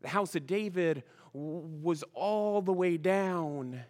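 A man's voice: sits high, slow, a little mellow. A man preaching a sermon as pastor, chatty and full of questions to the congregation, greeting online viewers by name. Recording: long reverb of a large room.

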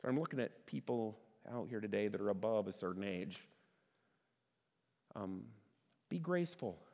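Conversational pastor preaching in a reverberant hall. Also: male voice, fairly low pitch, expressive, creaky, a little mellow. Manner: conversational, asks the audience questions, stresses words by slowing down. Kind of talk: sermon.

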